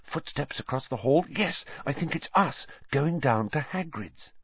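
An urgent, clever teenage witch girl, put on by a man pitches her voice high and breathless. It comes through a dull, dry lo-fi recording. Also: animated, unhurried, breathy edge, dry recording, heavily acted. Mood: hushed.

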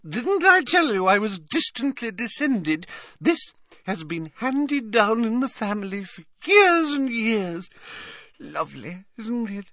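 A man's voice: sits high, sing-song, takes it slowly, sharp tone, no room sound, studio quality, pitched above the performer's own voice, heavily acted. Man putting on a simpering old rich lady. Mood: coy gushing. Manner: simpering, coy, gushing.

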